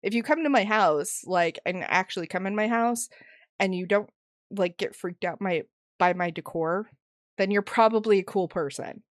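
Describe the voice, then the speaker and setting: A woman co-hosting a podcast in loose, friendly chat, playful and quick to poke fun at herself. Her pitch sits in an ordinary middle range. The sound is close and dry, with no room around it. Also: no echo. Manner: playful, self-mocking, laughs often. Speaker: podcast co-host. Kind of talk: casual chat.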